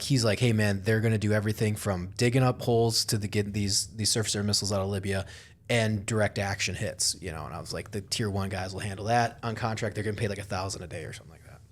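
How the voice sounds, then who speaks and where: A man hosting a podcast, chatting casually and animatedly, swearing often and acting out quotes. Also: on the low side. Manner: animated, swearing, quoting others in lively voices. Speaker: podcast host. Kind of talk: casual chat.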